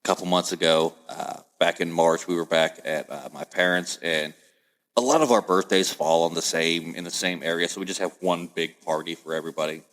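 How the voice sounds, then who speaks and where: A man hosting a casual podcast chat, telling lively family stories and acting out the voices of relatives. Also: low voice, a little fast. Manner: animated storyteller, acts out family voices. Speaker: podcast host.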